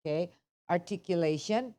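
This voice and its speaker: A woman's voice: on the low side, measured pace. A woman teaching an English test class, switching between languages and firing questions at her students. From Indonesia. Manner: animated, asks the class questions, code-switching. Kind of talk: interactive lesson, mixing English and Indonesian.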